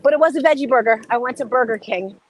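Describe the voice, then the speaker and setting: Chatty lady coach on a livestream, kinda high voice, greeting everyone by name. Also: fast talker, low-quality recording. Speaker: life and fitness coach, show host. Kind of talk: casual livestream chat.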